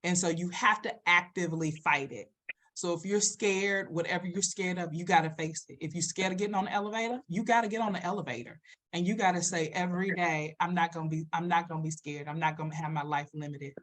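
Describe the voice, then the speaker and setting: A woman therapist co-hosting a live stream chats with viewers and answers their comments, speaking fast in a voice that sits on the low side. She's blunt, direct, and emphatic, swinging loud and animated as she rises to press a point.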